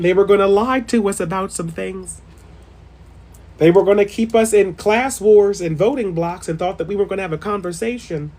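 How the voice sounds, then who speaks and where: Brief: excitable vlogger, cusses freely, mid-pitched voice, jumps from shouts to near-whispers. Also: normal speed. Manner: profane, excitable, swings between shouting and murmuring. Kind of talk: casual spiritual rant.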